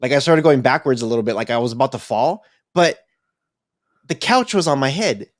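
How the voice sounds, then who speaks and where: A man's voice: mid-range voice, animated, fairly quick, no room sound. Young adult man, podcast co-host, casual storyteller who acts out voices; dry, close sound.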